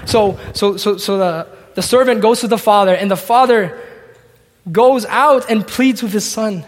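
High-voiced man preaching in a reverberant hall. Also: fairly quick. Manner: expository, reads scripture and acts out the dialogue. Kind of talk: sermon.

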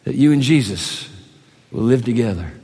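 A male pastor preaching a sermon in a church, swinging between loud proclamation and hushed, quick asides. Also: medium pitch, animated, slightly rough. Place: church sanctuary. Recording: long hall reverb.

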